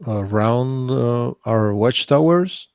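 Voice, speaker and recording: A man's voice: mid-range voice, lively intonation, slow, vocal fry, smooth, no echo, muffled recording. A man playing a tabletop game, asking questions and thinking aloud. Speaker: player. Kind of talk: casual tabletop game chat.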